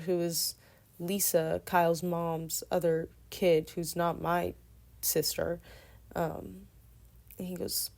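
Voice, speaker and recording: Twenties woman, kinda low voice, soft and meandering, just chatting out a story. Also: little pitch movement, slow, gravelly. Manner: meandering, soft-spoken, with many restarts. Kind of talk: casual storytelling.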